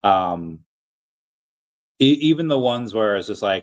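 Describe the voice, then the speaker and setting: A man's voice: lowish voice, expressive, slow pace, muffled recording. An American man with a rambling manner, full of restarts and fillers, chatting casually on a livestream while answering viewers. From United States. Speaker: livestream host answering chat.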